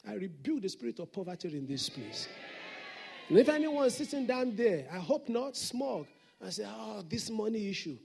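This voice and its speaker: A man's voice: sits high, sing-song, moderate pace, vocal fry, dark tone, a little hiss or hum. A man preaching a Sunday sermon as senior pastor, emphatic and repeating his declarations.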